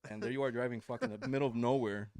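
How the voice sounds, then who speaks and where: Guy telling wild tour stories, swears a lot, animated. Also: medium pitch, rapid-fire, a crowd in the background. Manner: profane, animated storyteller. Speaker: podcast guest musician. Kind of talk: casual storytelling.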